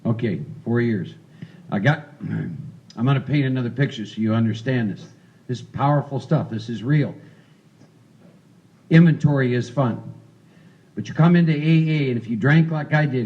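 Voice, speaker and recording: A man's voice: medium pitch, highs cut off. A man leading a recovery workshop, talking casually and coaching volunteers through a role-play. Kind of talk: interactive recovery workshop talk.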